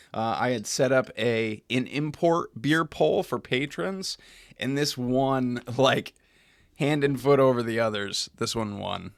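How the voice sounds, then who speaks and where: A young American man hosts a beer-tasting live stream from home, talking loosely with viewers, swearing casually and trailing off mid-sentence. He speaks into a desk microphone at medium pitch, with studio-quality sound and no echo.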